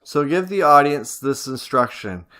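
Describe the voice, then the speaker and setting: A man teaching a guided visualization, giving slow, measured commands and repeating short phrases like a chant. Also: on the high side, animated, sharp tone. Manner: slow, repetitive, chant-like incantations. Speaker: spiritual teacher.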